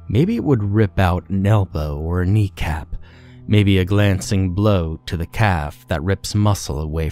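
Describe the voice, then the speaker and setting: Deep-voiced man narrating a grim horror story. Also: darkish tone.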